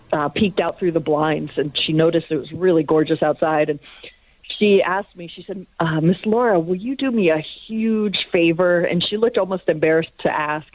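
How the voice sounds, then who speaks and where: A woman calling in to a radio show, telling an earnest personal story with many fillers. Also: sits low. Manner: earnest, with frequent fillers and soft laughs. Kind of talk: personal testimony. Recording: tinny phone line.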